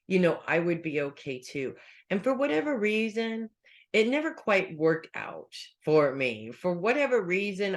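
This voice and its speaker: A rambling, self-deprecating man in his forties. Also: on the high side. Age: 40s. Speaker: psychic giving weekly readings. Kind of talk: casual spoken advice with personal anecdote.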